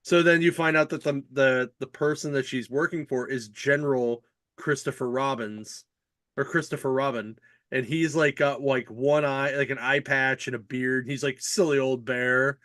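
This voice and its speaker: A man hosting a comics podcast in casual chat, retelling a story excitedly with lots of fillers and laughter. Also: medium pitch, normal speed, no echo.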